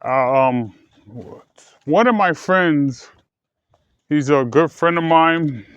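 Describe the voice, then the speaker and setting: A man telling a personal story in a halting way, with many fillers, restarts and repeated words. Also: on the high side, clean tone, no echo. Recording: dull, dry lo-fi sound.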